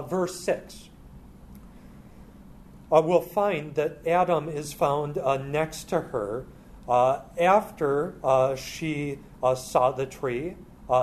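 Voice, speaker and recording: Halting male Bible teacher. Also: on the high side, a little hiss or hum. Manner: halting, with constant "uh" fillers.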